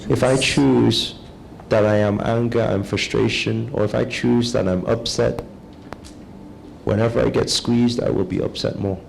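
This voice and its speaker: A man giving a calm, measured spiritual talk, speaking slowly and deliberately as a teacher. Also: medium pitch, creaky, slight background noise, poor audio.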